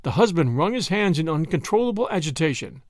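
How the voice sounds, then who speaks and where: A man narrating a story aloud, reading in an expressive, dramatic way. His voice sits somewhat high with a very lively pitch, and the sound is dry and close to the mic. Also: fairly quick, no echo.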